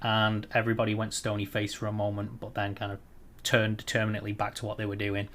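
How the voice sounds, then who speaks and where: A man's voice: on the low side, monotone, fast talker, a bit bright, slight background noise. Rambling male dungeon master. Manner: rambling, full of ums and restarts. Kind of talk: narrating a tabletop game.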